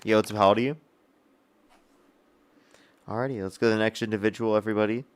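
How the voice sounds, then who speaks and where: A young man hosting a live political call-in debate, combative and incredulous with quick retorts. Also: on the low side, steady tone, smooth. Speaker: livestream debate host.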